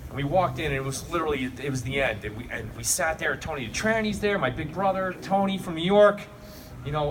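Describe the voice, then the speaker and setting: A man giving a rambling, heartfelt eulogy to a crowd at a memorial gathering, talking bluntly and casually. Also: on the high side. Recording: distant mic with noisy ambience.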